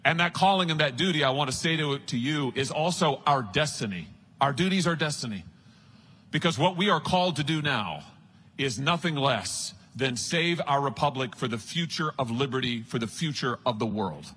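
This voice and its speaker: A man's voice: mid-range voice, expressive, moderate pace, bright, forceful tone, husky. A man giving a rousing political speech at a conference, emphatic and repetitive, talking straight to the crowd.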